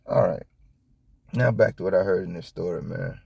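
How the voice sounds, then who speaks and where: A man giving casual reaction commentary on a police video, rambling and profane, with sudden high-pitched outbursts. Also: moderate pace, gravelly, darkish tone, slightly rough, no room sound, clean studio sound. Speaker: copwatch commentator.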